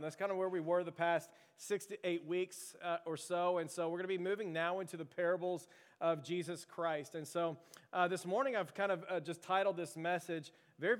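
Brief: chatty male pastor, self-deprecating storyteller, slightly high voice, long church-hall reverb. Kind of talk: sermon with casual storytelling.

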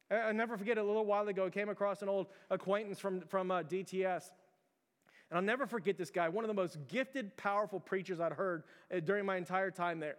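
A high-voiced man delivers a sermon, talking casually with lots of fillers and firing rhetorical questions at the congregation. His voice rings out with a long reverb, as in a large hall. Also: fairly bright tone. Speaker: pastor.

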